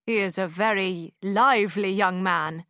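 A jolly, hearty country gentleman from a storybook, as a woman reader voices him. He talks cheerfully and boisterously. The voice sits slightly back from the mic in a dry sound. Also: mid-range voice, unhurried, no echo.

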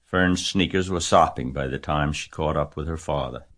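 Man, very low voice, audiobook narrator, measured gentle reading, children's novel.

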